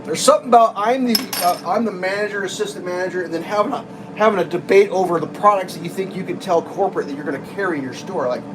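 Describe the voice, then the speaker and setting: Man, high voice, exasperated storytelling rant, faint background hiss, home kitchen vlog. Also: quick pace. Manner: exasperated, restarts often, laughs at own story. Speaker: vlogger. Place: home kitchen, making breakfast.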